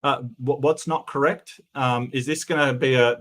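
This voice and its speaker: A man's voice: medium pitch, steady tone, normal speed, fairly bright tone. Sarcastic man mocking a preacher. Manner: sarcastic, mocking, stumbling restarts. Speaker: commentator reacting to a video. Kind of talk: sarcastic reaction commentary.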